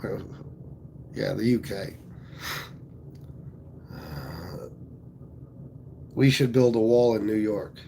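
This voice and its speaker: A man's voice: on the low side, lively intonation, extremely slow, vocal fry, long pauses, dark tone, a little hiss or hum. A man from Pennsylvania hosting a casual livestream, talking bluntly with plenty of swearing and reading viewer comments aloud. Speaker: livestream host.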